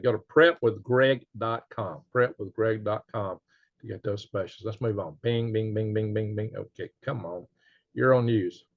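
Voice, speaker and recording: A man's voice: fairly low pitch, gravelly, no echo. A man hosting his own channel, talking in a rambling, folksy way with lots of fillers and little chuckles. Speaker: channel host. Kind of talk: casual commentary. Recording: dry, slightly dull lo-fi sound.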